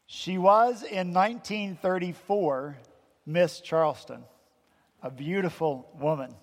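Male pastor, bright higher voice, conversational sermon, long church reverb. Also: slow. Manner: earnest, conversational preaching with rhetorical asides. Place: church sanctuary.

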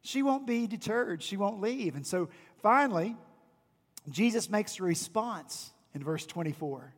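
A man's voice: sits high, expressive, measured pace, long reverb tail. A male pastor preaching a sermon, repeating phrases and asking the congregation rhetorical questions. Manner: emphatic, repetitive preaching cadence with rhetorical questions. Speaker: senior pastor. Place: church sanctuary.

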